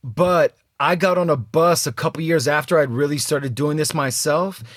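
A young man co-hosting a podcast, telling a travel story in a casual, animated way and laughing often. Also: fairly high pitch, normal speed, dry recording, clean studio sound. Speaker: podcast co-host.

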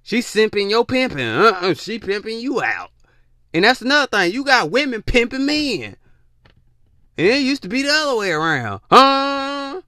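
A man giving relationship advice in a blunt, profane, preachy rant. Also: moderate pace. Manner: blunt, profane, preachy, lively swings in pitch. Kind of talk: ranting monologue.

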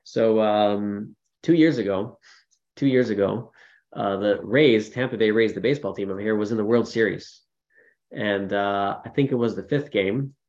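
A man, a rabbi teaching a class in a casual, storytelling way, lively when quoting people, with many fillers. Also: lowish voice, normal speed, highs cut off. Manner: storytelling with animated quoted voices, many fillers. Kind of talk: informal Torah class talk.

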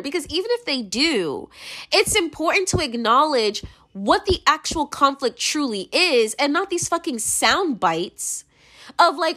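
A woman's voice: high voice, sing-song, moderate pace, pushed and bright. A young American woman giving her opinions in a casual monologue, rambling, blunt and profane, with lots of "like". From United States. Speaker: commentator.

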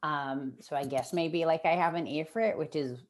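Low-voiced woman, British-Australian accent. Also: moderate pace. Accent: mixed British and Australian. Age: 30s. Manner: chatty, laughs often. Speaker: guest. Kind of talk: casual interview chat.

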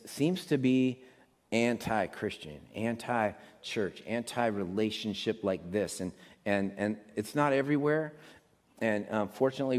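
A man's voice: medium pitch, a little mellow. A middle-aged man, a pastor, preaching a sermon in a casual, rambling way with many restarts. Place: church sanctuary. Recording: long hall reverb.

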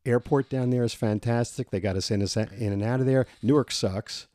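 A man's voice: medium pitch, moderate pace, dark tone, no room sound, clean studio sound. A man co-hosting a podcast in casual chat, telling stories with plenty of swearing and laughter. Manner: swearing, storytelling, laughs easily. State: recovering from a cold. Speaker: podcast co-host.

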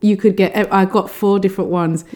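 A young woman co-hosting a podcast, chatting casually and gushing playfully, with quick asides. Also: medium pitch, fairly even intonation, darkish tone. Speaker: podcast co-host. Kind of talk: casual chat.

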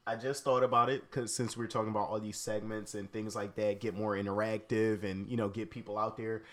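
A man's voice: lowish voice, flat delivery, fairly quick. A man co-hosting a casual dad podcast, speaking in an easygoing, rambling way. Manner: easygoing, rambling, many "you know" fillers. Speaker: podcast co-host.

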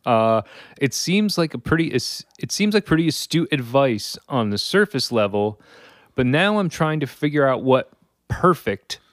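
A man's voice: mid-range voice, very animated, moderate pace, no echo, clean studio sound. A man co-hosting a casual podcast, speaking hesitantly with lots of fillers. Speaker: podcast co-host.

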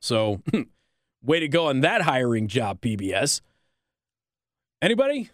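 A man's voice: mid-range voice, big pitch swings, unhurried, no echo. A man hosting a talk radio show in a studio, delivering a sarcastic, opinionated monologue and laughing at his own jokes.

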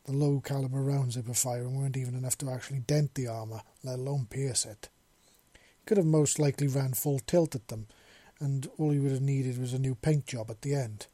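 A man narrating a story in a steady storytelling manner. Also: medium pitch, brisk, no room sound. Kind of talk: audiobook narration of fan fiction.

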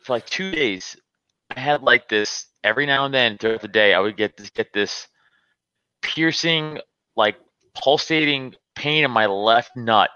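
A man's voice: medium pitch, unhurried, bright, forceful tone, smooth, dry recording, lo-fi sound. A man telling rambling stories in casual chat, full of restarts and filler words. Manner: rambling storyteller, many restarts and "like". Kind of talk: casual banter.

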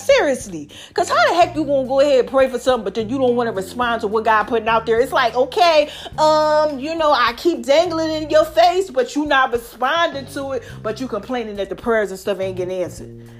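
A woman giving an animated faith-based pep talk to her viewers, preachy and chatty, calling them y'all. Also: high voice, fairly quick, soft background music. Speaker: vlogger.

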